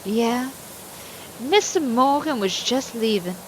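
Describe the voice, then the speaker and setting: A woman voicing a sharp-tongued young housewife who speaks low and curt in a game. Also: expressive, slow pace, slight background noise.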